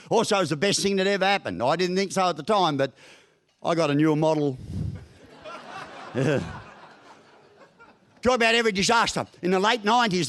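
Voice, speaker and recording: Joking Australian man, high-pitched storyteller. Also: a bit bright. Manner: broad, joking storyteller with crude humour. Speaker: guest speaker. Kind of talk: motivational after-dinner talk. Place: function room at a business breakfast.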